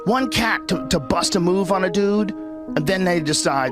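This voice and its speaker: A man's voice: high voice, moderate pace, over music. A man hosting a podcast, telling vivid stories in casual chat with lots of swearing and emphatic repetition. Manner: animated, profane storytelling. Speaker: podcast host.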